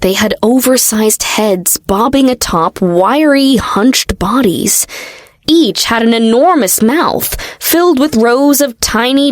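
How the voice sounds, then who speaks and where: A woman narrating a fantasy audiobook in a steady, expressive storytelling manner. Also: a little high, no echo, clean studio sound. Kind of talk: scripted narration.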